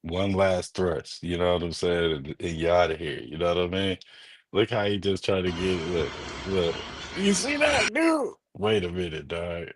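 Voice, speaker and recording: Low-voiced slangy sports podcast guy. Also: normal speed. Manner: loose, slangy, excitable, laughs often. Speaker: podcast co-host. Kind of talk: casual sports chat.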